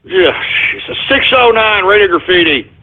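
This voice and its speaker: A man hosting a call-in radio show who rants, shouts and curses in exasperation at his callers. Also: sits high, animated, moderate pace, narrow, tinny audio, very noisy. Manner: exasperated ranting, shouting and cursing.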